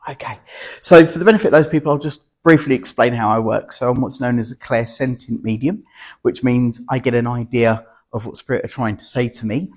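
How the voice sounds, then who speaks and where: A husky-voiced man hosting a mediumship evening in a church hall. He talks chattily to the audience and pokes fun at himself, filling pauses with ums. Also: medium pitch, fairly bright tone. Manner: chatty, self-deprecating, many ums. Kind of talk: platform mediumship demonstration.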